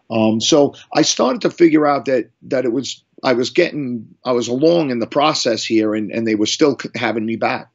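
A middle-aged man from Long Island tells his story in a loose, rambling way, full of restarts and fillers. His voice sits in an average pitch range. The audio is slightly muffled. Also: moderate pace, hardly any pauses. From Long Island, New York. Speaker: guest musician. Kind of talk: casual storytelling interview.

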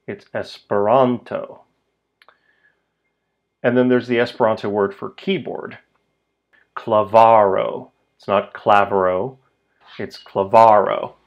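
A man teaching a pronunciation lesson, speaking slowly and repeating each word so learners can follow. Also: fairly low pitch, a little mellow, highs cut off. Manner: slow, deliberate, repeats words for learners. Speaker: language teacher.

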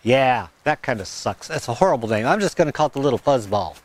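A man with an expressive mid-range voice talks fast while filming a casual outdoor gardening vlog in a windy garden. His wireless mic wears a fuzzy windscreen, and he chats and rambles, laughs at himself, and coos to his dog in sing-song baby talk.

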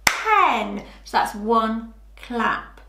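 A woman teaching a lesson to young children, speaking slowly and clearly in an encouraging, sing-song way. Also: on the high side, big pitch swings, bright, forceful tone, echoey room. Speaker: early years teacher.

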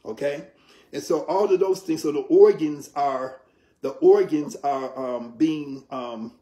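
A man explains yoga practice to an interviewer in a measured, teacherly way. He often pauses to check in with "right?". His voice sits a little high and rings in a roomy space. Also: mellow. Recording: roomy echo.

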